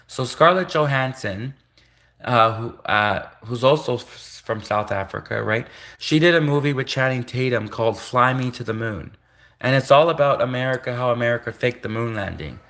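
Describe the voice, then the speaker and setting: A man's voice: medium pitch, normal speed, fairly bright tone. A man hosting a live stream, talking in a rambling, repetitive and conspiratorial way, often breaking off to correct himself. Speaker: livestream host.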